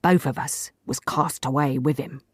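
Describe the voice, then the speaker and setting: A woman voicing a meek, wheedling working-class old sailor with rough grammar. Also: very deep voice, steady tone, moderate pace, dry recording, studio quality. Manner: rough uneducated grammar, pleading.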